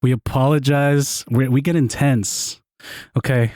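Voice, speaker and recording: A man hosting a podcast, telling stories in casual chat, animated, often laughing and swearing. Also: mid-range voice, unhurried, dry recording, studio quality. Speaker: podcast host.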